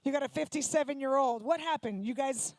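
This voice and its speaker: A woman from Ukraine doing stand-up comedy, teasing audience members in quick banter on a handheld stage mic. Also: sits high, a little mellow, no room sound. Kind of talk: stand-up comedy with crowd work. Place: comedy night venue before a live audience.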